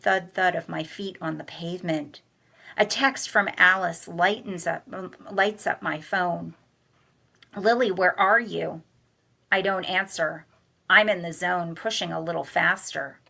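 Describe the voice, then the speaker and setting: Gravelly, bright-toned woman reading aloud. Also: fairly low pitch. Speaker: college director and humanities teacher reading aloud.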